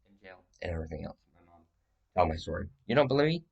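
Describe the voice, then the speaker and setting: Gravelly low-voiced man ranting. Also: very animated, fast, dull audio. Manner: rambling, profane and agitated, jumping between claims. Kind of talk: rambling monologue to camera.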